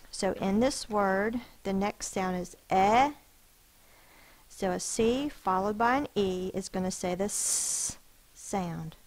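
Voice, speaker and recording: A woman teacher slowly and patiently sounding out spelling words, letter by letter, for a class. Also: mid-range voice, rough recording. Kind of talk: phonics lesson for children.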